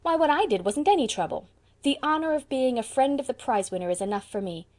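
A woman's voice: high-pitched, animated, fast talker, darkish tone, pitched above the performer's own voice. A woman voicing a cheerful, chatty young woman who is a loyal best friend, in an audiobook. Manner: bubbly, chatty.

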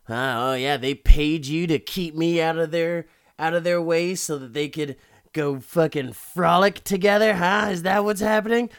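A man doing a jealous drunk yelling. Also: mid-range voice, lively intonation, unhurried, dry recording, clean studio sound. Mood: mocking. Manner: sneering, yelling, sarcastic.

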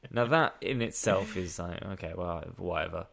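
A man's voice: deep voice, normal speed, vocal fry, a bit bright. A man co-hosting a casual chat, wry and exasperated, often laughing as he talks. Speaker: podcast co-host. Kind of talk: casual chat reviewing a film.

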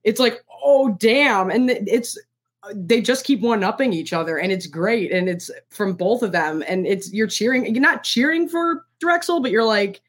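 A woman in casual conversation, reviewing a film with a friend, talking animatedly and acting out bits of dialogue. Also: on the high side. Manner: animated, quick restarts, acts out quotes. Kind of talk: casual podcast chat.

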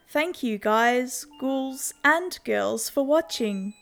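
A woman narrating a horror story in a slow, measured storytelling manner. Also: high-pitched, expressive, gravelly, fairly bright tone, soft background music.

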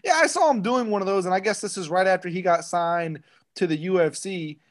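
A young man in casual podcast chat, animated and sarcastic, often restarting his sentences. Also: high voice, a little fast. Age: young adult. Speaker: podcast co-host.

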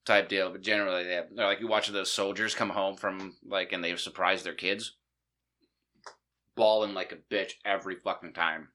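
A man's voice: low-pitched, flat delivery, moderate pace, sharp tone. A man hosting a podcast, telling rambling stories in casual chat, swearing often. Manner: profane, rambling storyteller. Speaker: podcast host.

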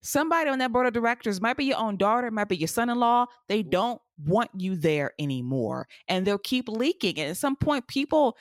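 A woman's voice: on the high side, expressive, fairly quick, hardly any pauses, no room sound, studio quality. A woman co-hosting a podcast, talking bluntly and emphatically in casual chat, with some profanity. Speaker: podcast co-host.

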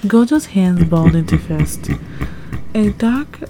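A woman's voice: on the low side, animated, slow. Woman narrating a first-person story. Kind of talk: first-person fan-fiction reading. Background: faint background music.

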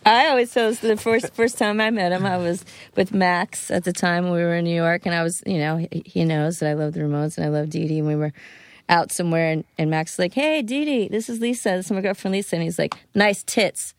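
A woman's voice: lowish voice, a little fast, smooth, no room sound. A woman guest on a podcast, telling casual stories and acting out the dialogue in them. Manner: animated anecdotes with quoted dialogue. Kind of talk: casual storytelling chat.

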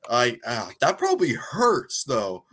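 A man's voice: medium pitch, huge pitch swings, a little slow, fairly bright tone, breathy edge. A man in casual podcast chat about a film, with a mid-range voice. He reacts in an easygoing way and laughs readily at his co-host.

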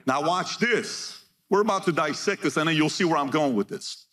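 A man giving a motivational keynote to a live audience, energetic and punchy, reading figures out in short bursts and firing questions at the crowd. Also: on the high side, moderate pace. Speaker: keynote speaker.

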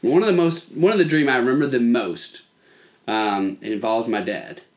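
A man telling a childhood story on a casual podcast, acting out the voices of the people in it. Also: normal speed. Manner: animated storyteller, acts out voices with big pitch jumps. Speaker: podcast co-host.

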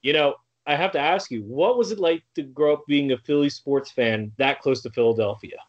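A man's voice: on the high side, fairly quick, lo-fi sound. A man hosting a podcast, steering the chat with casual questions. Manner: lively, guiding questions. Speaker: podcast host. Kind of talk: casual interview.

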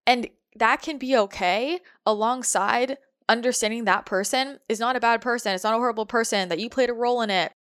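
A woman giving casual spiritual advice in a chatty way, with lots of fillers and soft laughs. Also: fairly high pitch, a little fast, clean tone. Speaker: spiritual guide.

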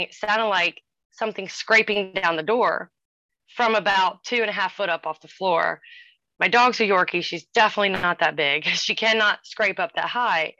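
A woman in her forties casually telling a ghost story, animated and acting out the voices of the people in it. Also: medium pitch, no echo. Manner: animated, acts out quoted voices. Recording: dull lo-fi sound.

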